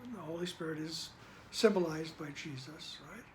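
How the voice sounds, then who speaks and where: A man reading and explaining a spiritual text in casual spoken commentary, gentle and reassuring, often checking in with his listeners. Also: fairly high pitch, normal speed, a little hiss or hum, rough recording. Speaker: spiritual study reader and teacher.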